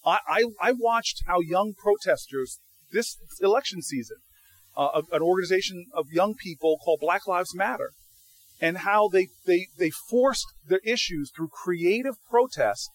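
A man with a high-pitched voice speaks to a live audience as a guest speaker. He tells stories with energy, stumbling and restarting his sentences, and mimics the people in his anecdotes. He sounds like he is speaking in an event hall. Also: moderate pace. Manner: animated storyteller, frequent restarts; acts out quoted people. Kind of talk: answering audience questions.

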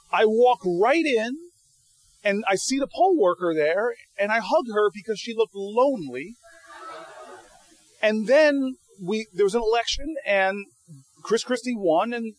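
A man speaking to an audience as guest speaker, answering questions as an animated storyteller who restarts often and acts out the people he quotes. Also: high-pitched, no room sound, rough recording.

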